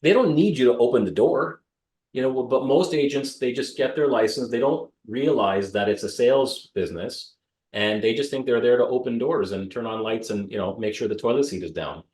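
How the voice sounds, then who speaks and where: A man in his thirties from Canada, a real estate broker telling blunt, lively stories in an interview and mimicking the people in them. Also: mid-range voice, normal speed. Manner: blunt, animated, mimics voices in anecdotes. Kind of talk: interview storytelling. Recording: roomy echo.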